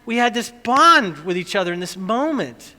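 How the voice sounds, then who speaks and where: A middle-aged male pastor tells a family story from the pulpit with lively, animated energy, acting out screams as he goes. His voice is high-pitched and very bright. The sound carries a long reverb, like a big hall. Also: normal speed. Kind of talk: sermon.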